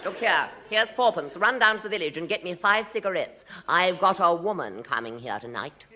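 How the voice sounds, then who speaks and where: A man's voice: sits high, expressive, moderate pace. A man playing a bossy, sneering older schoolboy bully in a 1950s radio comedy. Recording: hissy old radio recording with studio audience laughter.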